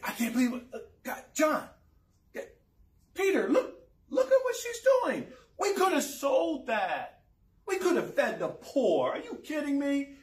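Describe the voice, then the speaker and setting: A man voicing an indignant male disciple who scolds loudly and in disbelief. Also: very high voice, huge pitch swings, measured pace, pitched above the performer's own voice, heavily acted. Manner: shouting, incredulous. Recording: roomy echo, mic far off.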